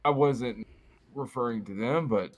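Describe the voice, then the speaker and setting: A man's voice: medium pitch, unhurried. A man co-hosting a stream, interjecting with mocking remarks in casual chat. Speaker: co-host.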